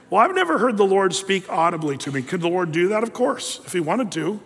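High-voiced pastor in a reverberant hall. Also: male voice, big pitch swings, brisk, a bit bright, breathy edge. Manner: conversational, with fillers and asides. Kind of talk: sermon.

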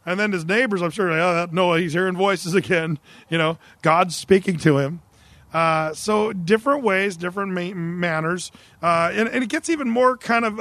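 A man's voice: high-pitched, dry recording. A middle-aged male pastor preaching a humorous, conversational sermon, telling Bible stories with lots of asides. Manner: humorous, conversational, animated storytelling.

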